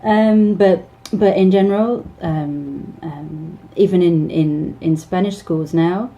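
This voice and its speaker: A woman's voice: on the low side, slow pace, dark tone, muffled recording. A woman in her thirties, an English teacher, gives casual advice with many ums, restarts and small laughs.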